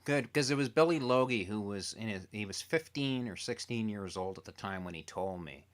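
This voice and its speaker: A man interviewing a TV creator as a fan, telling stories in an animated way and acting out quotes. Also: on the low side, moderate pace. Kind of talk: casual interview chat.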